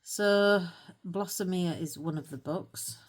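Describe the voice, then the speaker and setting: A woman's voice: on the low side, slow pace. A middle-aged British woman chatting casually as she colours, rambling and self-mocking, with little laughs between thoughts. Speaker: colouring channel host. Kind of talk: casual chat while colouring.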